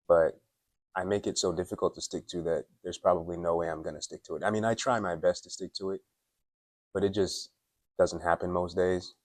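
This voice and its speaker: Very deep, flat-voiced man giving blunt life advice. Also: no room sound. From Dominica. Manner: candid, opinionated, filler-heavy with frequent "like"; clears his throat often. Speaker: self-improvement vlogger. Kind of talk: casual motivational monologue. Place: at his workplace.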